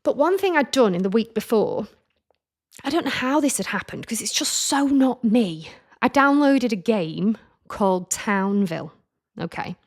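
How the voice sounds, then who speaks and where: A woman's voice: a little high, lively intonation, normal speed. A woman in her forties hosting a podcast, candidly telling a personal story in a chatty, self-deprecating way, with frequent restarts as she retells it. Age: 40s. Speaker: podcast host.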